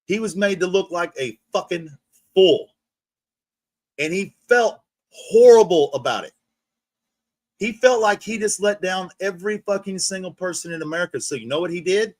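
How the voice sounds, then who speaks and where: A man's voice: high-pitched, expressive, normal speed, a little mellow, no room sound. Heated, profane man ranting. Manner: profane, heated, repeats himself with restarts. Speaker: livestream host. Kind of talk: ranting casual monologue.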